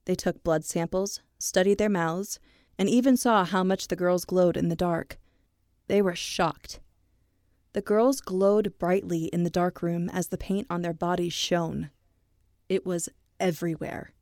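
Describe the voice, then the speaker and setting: A woman's voice: fairly low pitch, fairly even intonation, a little slow, a little mellow, dry recording, clean studio sound. A woman co-hosting a casual podcast, reading a true story aloud with chatty asides. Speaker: podcast co-host.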